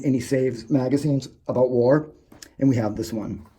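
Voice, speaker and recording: A man, vlogging while exploring an abandoned asylum indoors, gushing excitedly, swearing and rambling to himself. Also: medium pitch, moderate pace, husky. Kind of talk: casual explore vlog, talking to camera.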